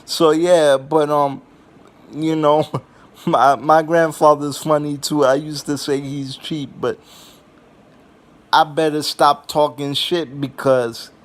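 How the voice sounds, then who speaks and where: A young man spins loose comic stories in an unhurried drawl, circling back with fillers and restarts. His voice sits a little high for a man, and he swears without a second thought. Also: flat delivery. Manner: rambling and profane, with many fillers and restarts. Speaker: vlogger. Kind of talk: casual comedic storytelling.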